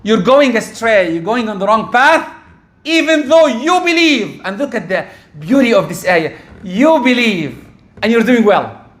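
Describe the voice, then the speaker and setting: A man's voice: extremely high pitch, sing-song, a little slow, fairly bright tone. A middle-aged man giving a sermon, asking rhetorical questions and dropping Arabic religious terms into his talk. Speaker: preacher.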